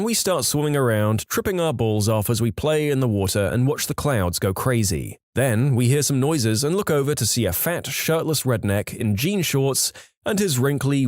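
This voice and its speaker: A man reading out a series of short anecdotes in a lively storytelling manner. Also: no room sound, studio quality. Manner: lively storytelling, varied pitch. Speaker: narrator. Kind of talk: reading stories aloud.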